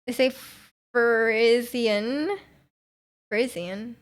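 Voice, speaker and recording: Young woman streamer, chatty and giggly, rambling with restarts, slightly high voice. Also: very slow. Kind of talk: casual chat with live chat.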